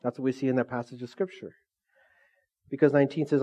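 A man's voice: mid-range voice, fairly even intonation, fast talker, pauses often, highs cut off. A male pastor preaching a sermon, repeatedly asking the congregation questions and prompting their replies. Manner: call-and-response questions to the congregation.

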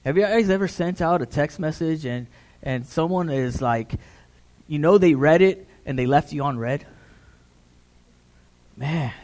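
A man's voice: a little high, unhurried, long pauses, darkish tone. A middle-aged man, a pastor, preaching a conversational sermon, repeating words as he builds emphasis.

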